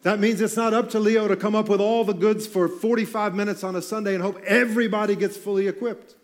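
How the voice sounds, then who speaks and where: A man's voice: high voice, fairly even intonation, quick pace. A man preaching a sermon on stage in a church, talking in a loose, conversational way with joking asides. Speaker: pastor.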